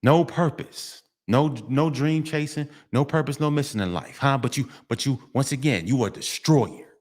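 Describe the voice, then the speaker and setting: A man's voice: medium pitch, normal speed, a little mellow. A middle-aged man, delivering a street monologue vlog, preachy and repetitive, often breaking into sing-song refrains. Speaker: vlogger.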